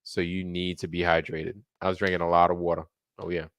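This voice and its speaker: A man's voice: low-pitched, flat delivery, fairly quick, fairly bright tone, clean tone, no echo, studio quality. A tired man hosting a casual late-night livestream, rambling and joking, with swearing and slang. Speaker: livestream host.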